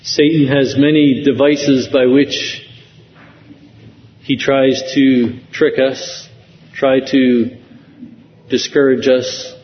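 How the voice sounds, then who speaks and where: A man preaching a sermon slowly and earnestly, rising into emotional emphasis at key phrases. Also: medium pitch, level tone, slight background noise. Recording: dull lo-fi sound with long hall reverb.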